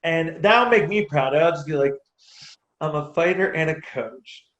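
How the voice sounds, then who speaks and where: Animated man, coach telling stories, roomy echo. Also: fairly high pitch, a little slow, highs cut off. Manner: animated, laughs between anecdotes, restarts sentences. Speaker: amateur boxer and youth boxing coach. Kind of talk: casual interview storytelling.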